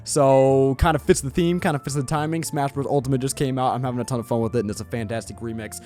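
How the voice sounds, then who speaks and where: A man's voice: mid-range voice, fairly even intonation, fast talker, warm tone. A young man giving goofy, rambling let's play commentary with jokey asides. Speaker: gaming YouTuber. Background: faint background music.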